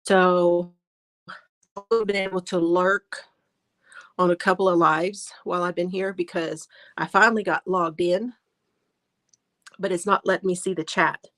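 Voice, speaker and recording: A woman's voice: on the low side, steady tone, unhurried, pauses often, fairly bright tone. A woman hosting a casual crochet livestream from her phone, chatting, laughing often and greeting viewers by name.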